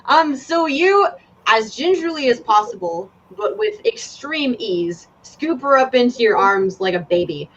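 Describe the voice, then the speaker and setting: A woman's voice: fairly high pitch, expressive, unhurried. A woman narrating a tabletop game as game master, casual and given to swearing. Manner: casual, swears, draws out descriptions. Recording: dull lo-fi audio with faint ambient noise.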